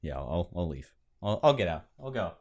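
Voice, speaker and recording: A man's voice: low voice, sing-song, normal speed, a little mellow. A young man co-hosting a podcast, chatting casually about tabletop games in a joking, laid-back way. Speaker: podcast co-host.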